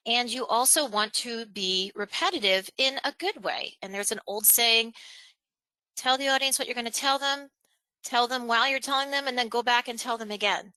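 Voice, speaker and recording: A woman giving an online presentation-skills webinar, energetic and emphatic, who varies her tone and pace on purpose. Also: a little high, dry recording, low-quality recording.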